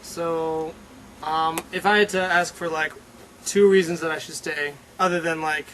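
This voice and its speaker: Brief: man, slightly high voice, hesitant, sarcastic, faint background hiss. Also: fairly even intonation, measured pace, fairly bright tone, low-quality recording. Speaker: comedic superhero character interviewing others. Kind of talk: improvised comedy web series.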